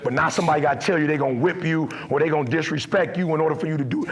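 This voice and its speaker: A man's voice: on the high side, very fast, few pauses, slightly rough. A middle-aged man giving a motivational speech, telling stories with acted-out dialogue and building to impassioned preaching. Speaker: motivational speaker.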